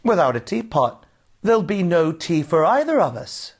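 A man voicing a cheerful, gentle young husband with a playful, coaxing way of talking. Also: on the high side, big pitch swings, normal speed, husky, heavily acted. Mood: rueful.

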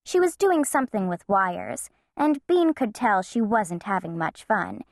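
A woman narrating a children's storybook in an expressive, playful way. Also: mid-range voice, a little slow. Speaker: audiobook narrator.

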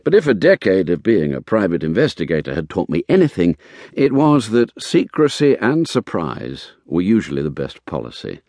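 A male audiobook narrator telling a first-person story with lively, swinging intonation over a lowish voice. The read is close and dry, with no room sound. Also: normal speed, no room sound.

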